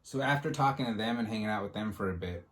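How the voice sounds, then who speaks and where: A man hosting a podcast, telling a story in casual chat and acting out the quotes with lively energy. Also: lowish voice, fast. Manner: animated, acts out quotes in a storytelling style. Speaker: podcast host.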